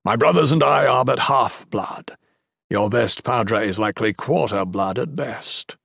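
A man's voice: medium pitch, unhurried, vocal fry, a bit bright, husky, no echo, studio quality, heavily acted. A man voicing a blunt, stern old male magician.

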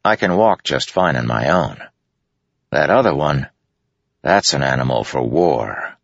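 Man voicing a terse, gravelly young soldier. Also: rumbling low, animated, measured pace, no echo, exaggerated voice. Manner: terse, matter-of-fact. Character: young male soldier, blunt and guarded. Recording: dry, dull lo-fi sound.

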